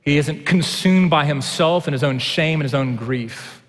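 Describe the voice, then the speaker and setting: A man preaching a sermon. He shifts between quiet, low passages and loud, impassioned stretches. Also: moderate pace. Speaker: pastor. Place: church sanctuary. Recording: long hall reverb.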